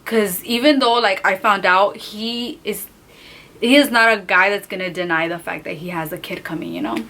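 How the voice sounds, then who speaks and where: A young woman telling a storytime vlog, animated and profane, acting out the other people's voices as she goes. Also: medium pitch, moderate pace. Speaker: vlogger.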